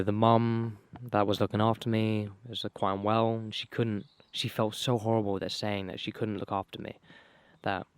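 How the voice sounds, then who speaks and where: Young guy, casual storyteller, swears, restarts a lot, lowish voice, dry close sound, losing his voice. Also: no echo. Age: young adult. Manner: rambling, swears casually, many fillers and restarts. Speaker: vlogger.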